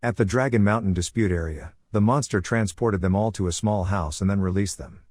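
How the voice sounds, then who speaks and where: A male narrator recounting a comic story in a steady, even manner. His voice sits on the low side. The recording is close and dry with no room sound. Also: a little fast, no room sound. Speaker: recap narrator.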